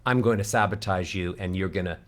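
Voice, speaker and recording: A man coaching as a vocal coach on a radio show, upbeat and encouraging. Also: fairly quick. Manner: sings scales up into a very high head voice. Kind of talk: guest coaching on a radio show, singing warm-up scales.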